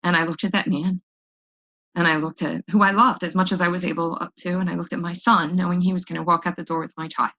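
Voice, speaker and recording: A woman's voice: fairly low pitch, little pitch movement, fast talker, a bit bright. Candid woman telling her recovery story. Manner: candid and raw, repeats words when emotional. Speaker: AA speaker sharing her story. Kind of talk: personal recovery testimony. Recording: dull lo-fi recording.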